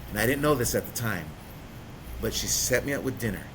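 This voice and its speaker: A man's voice: animated, fairly quick, rough recording. Earnest man telling his recovery story. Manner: earnest, storytelling, drops quiet at heavy points. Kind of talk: personal testimony in conversation. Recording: vehicle rumble behind.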